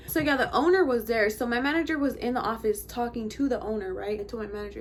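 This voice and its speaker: A woman's voice: fairly high pitch, quick pace, hardly any pauses, fairly bright tone, a little hiss or hum. A young woman vlogger chatting casually as she tells a story while getting ready. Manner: chatty, slangy, heavy use of "like" and "bro".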